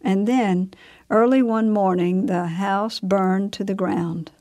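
A woman narrating a story in a measured, unhurried way. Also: mid-range voice, fairly even intonation, mellow.

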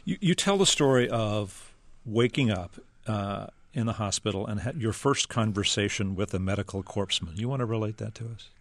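A man's voice: lowish voice, lively intonation, moderate pace, hardly any pauses, no echo. A man interviewing a guest, prompting him with questions and summarizing his writing. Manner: prompting, paraphrasing the guest's book. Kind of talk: radio interview.

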